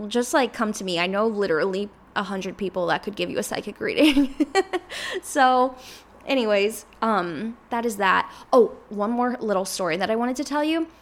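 A woman in her twenties hosting a podcast, chatting casually and rambling with lots of filler words. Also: mid-range voice. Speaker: podcast host.

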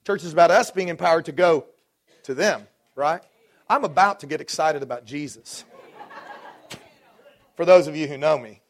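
A man in his forties from Dallas preaching a sermon to his congregation, swinging between rising fervor and relaxed storytelling asides. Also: fairly high pitch, normal speed, pauses often. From Dallas, Texas. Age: 40s. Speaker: pastor.

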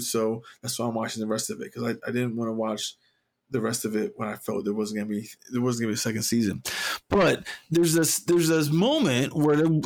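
A man's voice: mid-range voice, creaky. A man co-hosting a podcast in casual chat, rambling with many fillers and restarts, and acting out quoted lines. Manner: animated, acts out quoted voices. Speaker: podcast co-host.

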